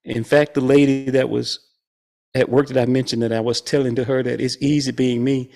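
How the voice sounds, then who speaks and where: Gravelly man leading a spiritual study group. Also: mid-range voice, brisk. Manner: chuckles often, animated and playful. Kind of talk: conversational spiritual teaching.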